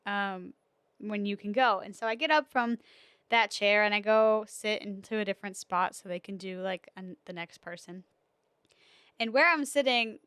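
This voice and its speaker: A woman's voice: on the high side, a bit bright, clean tone, dry recording, clean studio sound. A young woman hosting a podcast, telling stories in casual chat with lots of laughs and fillers. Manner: chatty storytelling with frequent laughs and fillers. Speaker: podcast host.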